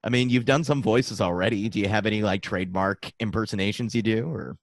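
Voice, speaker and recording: A man's voice: on the low side, fairly quick, slight background noise. A man hosting a podcast, rambling and laughing as he asks questions. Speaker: podcast host. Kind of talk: casual interview.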